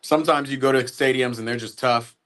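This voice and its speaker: A man's voice: mid-range voice, fairly even intonation, brisk, fairly bright tone. A young man hosting a football watch party, chatting casually with joking, slangy reactions. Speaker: sports watch-party host. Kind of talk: casual live reaction commentary.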